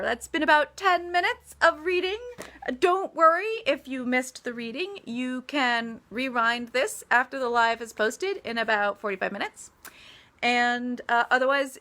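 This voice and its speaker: A woman's voice: a little high, sharp tone. An American woman, an author, chatting casually in a live-stream Q&A, often laughing and joking about herself. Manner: giggly, self-deprecating, chatty.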